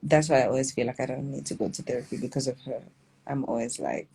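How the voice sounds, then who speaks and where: South african girl on a phone live at home, low husky voice, chatty, laughs a lot. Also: fairly even intonation, quick pace, dark tone, poor audio. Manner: chatty, drifts between English and Zulu, laughs often. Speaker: livestream host. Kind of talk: casual livestream chat.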